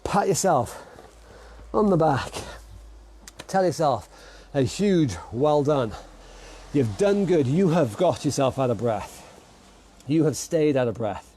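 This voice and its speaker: A man's voice: on the high side, sing-song, slow pace, warm tone, a little hiss or hum. A man coaching an online workout class, calling out moves and counting down with upbeat encouragement. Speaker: fitness instructor.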